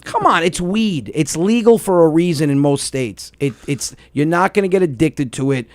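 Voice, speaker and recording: A man, hosting a comedic podcast and rambling in an animated way, repeating words when excited. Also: a little high, moderate pace, clear, resonant tone, no room sound. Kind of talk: casual comedic chat with a caller.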